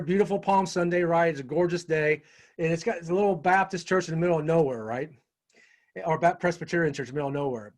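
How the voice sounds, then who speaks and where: A middle-aged man telling a personal story in casual conversation as an interview guest, animated and peppering his talk with "right?". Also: on the high side. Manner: animated storyteller, frequent "right?" tag questions.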